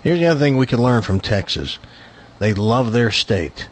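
A man from Tennessee co-hosts a radio talk show with a husky, slightly rough voice. His pitch moves up and down a lot as he talks. He keeps up teasing banter with his partner. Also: animated, moderate pace. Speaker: radio co-host. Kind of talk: casual radio chat.

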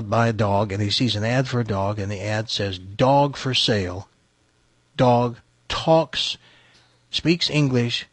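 A man's voice: medium pitch, slightly rough, dry recording. A man hosting a radio show, telling a joke in an easygoing, teasing manner. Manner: easygoing, teasing, tells jokes with restarts. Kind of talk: casual on-air storytelling.

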